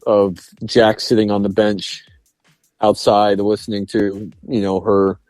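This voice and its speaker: A man's voice: lowish voice, little pitch movement, measured pace, darkish tone, dry recording. A man co-hosting a podcast, chatting casually about a movie and acting out its lines with laughs. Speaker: podcast co-host. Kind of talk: casual film review chat.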